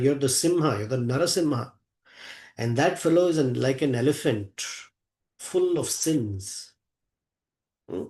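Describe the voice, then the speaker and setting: Slow, echoey spiritual storyteller man. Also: mid-range voice, darkish tone. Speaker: spiritual teacher. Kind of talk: devotional scripture storytelling lecture.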